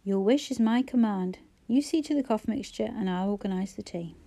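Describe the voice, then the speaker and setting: A woman voicing a gentle, teasing schoolteacher man. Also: medium pitch, moderate pace, close to an everyday voice.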